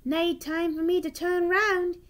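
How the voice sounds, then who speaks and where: A woman voicing an eager, kind male steam engine, with a raised, bright voice. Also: very high voice, flat delivery, a little slow, pitched above the performer's own voice.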